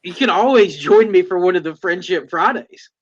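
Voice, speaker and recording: A man's voice: sits high, lively intonation, moderate pace. A man hosting a casual chat, laid-back and self-deprecating. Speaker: podcast host. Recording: dull lo-fi audio.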